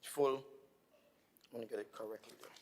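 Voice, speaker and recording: A man's voice: medium pitch, steady tone, normal speed, slight background noise. A man, an assemblyman debating in a legislative chamber, speaking insistently and with indignation, often repeating himself. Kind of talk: parliamentary debate. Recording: reverberant assembly hall.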